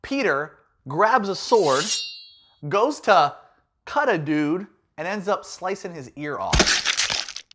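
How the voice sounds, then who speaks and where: A man's voice: high-pitched, sing-song, slow, noisy background. A man giving a playful, jokey youth talk as a youth pastor.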